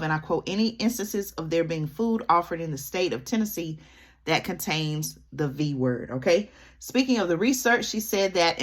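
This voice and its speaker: A woman, commenting to camera and keeping up a running chat with her viewers, checking in with them often. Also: lowish voice. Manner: chatty, keeps addressing viewers with "y'all" and "okay?". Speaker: vlogger.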